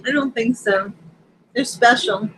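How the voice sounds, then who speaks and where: A middle-aged woman from Long Island hosting a casual live-stream chat, talking in quick asides and reading viewer comments aloud. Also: a little high, a bit bright, slight background noise, rough recording. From Long Island, New York. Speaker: host.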